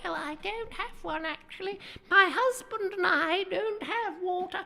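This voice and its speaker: A man putting on the voice of a haughty, posh elderly mother in a comic call-in sketch, with a plummy falsetto. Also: measured pace, gravelly, a crowd in the background, exaggerated voice.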